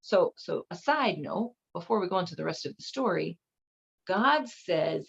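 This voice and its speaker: A woman's voice: on the low side, animated, normal speed, creaky, slightly rough. A woman hosting a show, talking in a chatty, irreverent way with lots of fillers. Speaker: host. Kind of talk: casual commentary. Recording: slightly dull lo-fi audio.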